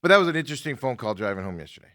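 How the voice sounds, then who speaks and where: A man hosts a talk show in casual chat, retelling a frustrating call. His bright, forceful voice rides a lively pitch as he quotes both sides. The sound is dry and close. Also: rapid-fire, no echo. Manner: animated, indignant retelling with quoted exchanges. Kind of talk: casual chat, telling a story.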